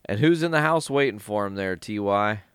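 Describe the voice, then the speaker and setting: A man hosting a podcast in casual chat, animated and profane, often acting out quoted lines. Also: fairly low pitch, normal speed, smooth, no room sound, studio quality. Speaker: podcast host.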